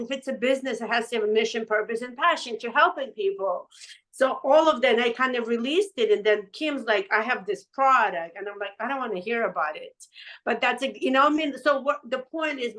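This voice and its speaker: A woman's voice: fairly high pitch, fairly quick, a bit bright, poor audio. A middle-aged woman telling her own story in a casual chat, emotional and rambling, with many restarts. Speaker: patch seller sharing her testimonial. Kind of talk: casual conversational testimony.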